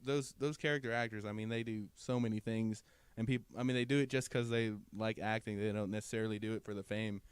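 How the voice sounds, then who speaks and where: A man's voice: fairly low pitch, steady tone, quick pace, few pauses, smooth, no room sound. A man co-hosting a casual podcast chat, hesitant and full of fillers and restarts, laughing easily. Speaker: podcast co-host.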